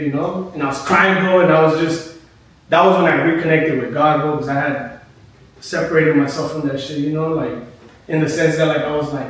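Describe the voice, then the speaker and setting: A man's voice: fairly high pitch, steady tone, brisk. A young man, a barber, telling a personal story in loose, casual talk with heavy swearing and "bro" after almost every phrase. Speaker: barber and podcast co-host. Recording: echoey room, mic at a distance, light noise.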